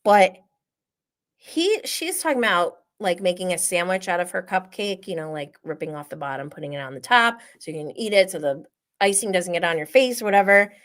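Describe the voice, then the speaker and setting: A woman hosting a casual reality TV recap, gossipy and animated, often laughing. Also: fairly low pitch, brisk. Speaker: host.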